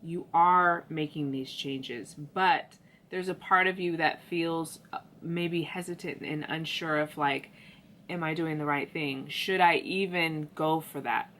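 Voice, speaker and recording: Low-voiced, bright, chatty woman tarot reader. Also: fairly even intonation, a little slow, a little hiss or hum. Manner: chatty and slangy, talks to viewers. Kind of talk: casual tarot reading.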